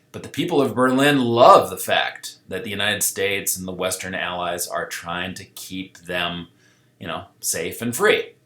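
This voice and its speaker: A man teaching a history lesson over a map in a loose, conversational way, often checking in with "okay?" and acting out historical figures in quick quoted asides. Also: fairly low pitch, fairly bright tone. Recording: echoey room.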